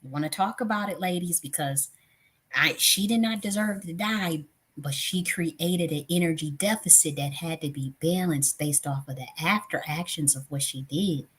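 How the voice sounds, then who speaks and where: A woman's voice: sits low, moderate pace, fairly bright tone, husky. A woman in her thirties hosting a tarot live stream, talking casually and bluntly with profanity, often getting worked up. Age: 30s.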